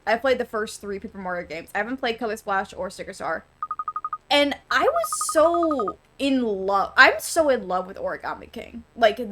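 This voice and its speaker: A woman's voice: on the high side, background noise. A woman streamer talking casually and with strong opinions while she plays, full of "like" fillers. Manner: chatty and opinionated, many "like" fillers. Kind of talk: casual game stream commentary. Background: game music.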